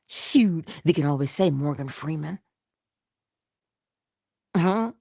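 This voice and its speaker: A woman giving a casual motivational talk, expressive, dropping into whispers and laughing often. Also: low voice, slow, creaky, long pauses, no echo, clean studio sound. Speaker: motivational vlogger.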